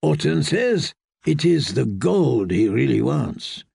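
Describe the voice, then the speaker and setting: Male audiobook narrator, measured delivery, gravelly texture, dry sound. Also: medium pitch, dry recording. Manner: measured, even storytelling.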